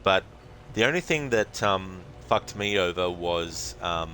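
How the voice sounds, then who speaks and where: A man with an Australian accent, streaming a game and chatting casually with viewers, relaxed and full of fillers. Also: deep voice, measured pace, a little hiss or hum. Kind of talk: casual gaming commentary.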